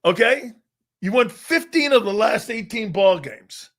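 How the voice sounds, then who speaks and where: Animated Philly sports talk host. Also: male voice, high-pitched, a little slow. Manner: animated, laughing, bantering, profane. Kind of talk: live sports talk show commentary.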